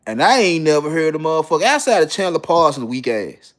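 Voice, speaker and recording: A man's voice: on the high side, fairly quick. A middle-aged man from Memphis with a Southern Memphis accent, ranting in casual, profane slang as a commentator. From Memphis, Tennessee. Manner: animated, heavy slang and cursing.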